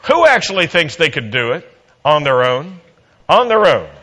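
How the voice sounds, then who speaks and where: A man's voice: on the high side, sing-song, normal speed, pushed and bright, breathy edge. A man preaching a sermon, telling a humorous personal story and acting out the dialogue with playful energy.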